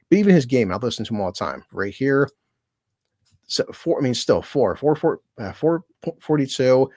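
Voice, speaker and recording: A man chats loosely on his livestream, rambling from one friend to the next and swearing freely. His voice sits at an everyday middle pitch. The sound is dry, with almost no room around it. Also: a little mellow, dry recording. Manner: rambling, profane, self-deprecating; laughs between remarks. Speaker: streamer thanking fellow creators. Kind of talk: casual livestream chat.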